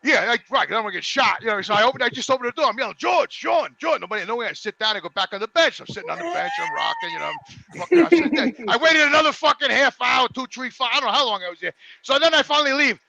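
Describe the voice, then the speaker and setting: A man with a very high, gravelly voice tells a story in a casual panel chat. He is animated and profane, stammering as he restarts his sentences. The tone is bright and sharp, and the sound is dry and close. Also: racing. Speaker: regular panelist.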